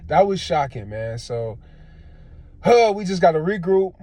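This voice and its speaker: A man ranting casually and profanely about his team's loss, swinging between low groans and loud outbursts. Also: very animated, a little slow, slight background noise. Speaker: sports fan vlogger. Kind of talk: casual rant.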